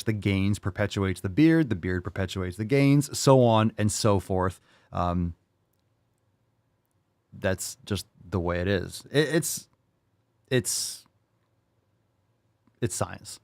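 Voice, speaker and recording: A man's voice: fairly low pitch, slow, long pauses, darkish tone, no echo. A man hosting a fitness podcast, joking and swearing between casual training advice. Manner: brash, joking, profane, enthusiastic. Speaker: podcast host and fitness coach.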